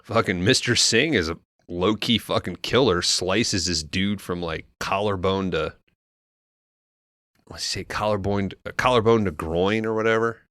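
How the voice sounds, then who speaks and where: A man casually recapping a film plot on a podcast, loose and profane, acting out characters' lines in quick asides. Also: sits low, fairly bright tone, no echo, studio quality. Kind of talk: casual movie recap chat.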